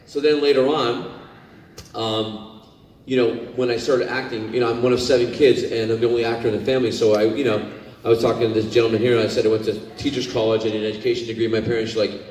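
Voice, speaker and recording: A man's voice: medium pitch, fast. A man born in Scotland, a guest actor telling rambling stories to fans at a convention panel on a handheld mic. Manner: rambling, animated, with many fillers and restarts. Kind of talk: anecdotal storytelling to a fan audience. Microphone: handheld microphone. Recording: echoey hall, distant mic, faint room noise.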